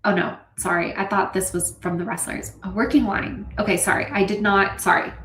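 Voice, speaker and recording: A woman hosting a casual stream, chatting animatedly and reading out viewer comments with quick asides. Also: medium pitch, steady tone, a bit bright. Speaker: streamer hosting a writing session. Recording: roomy echo.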